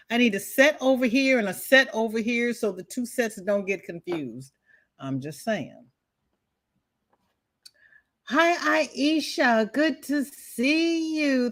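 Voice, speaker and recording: A woman's voice: fairly high pitch, fairly bright tone. A woman hosting a crochet livestream, chatting casually and greeting viewers by name, with folksy exclamations.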